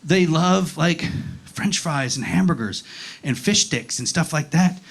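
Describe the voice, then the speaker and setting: A male stand-up comedian telling a story on a club stage, animated and acting out the other people, with frequent swearing. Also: on the high side, unhurried, creaky, husky. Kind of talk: stand-up set.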